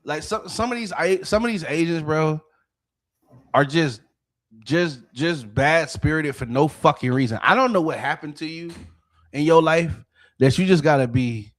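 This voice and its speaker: A man's voice: a little high, normal speed, a bit bright. A man hosting a podcast, ranting in a heated, profane way and often restarting his sentences. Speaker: podcast host. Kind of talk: casual podcast rant.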